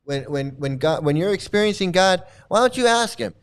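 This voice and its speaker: A man's voice: sits high, lively intonation, moderate pace, smooth. A man hosting a commentary video, ranting angrily and sarcastically at his viewers, often repeating himself and stumbling over restarts. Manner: angry, sarcastic, mocking; repetitive, stammering restarts.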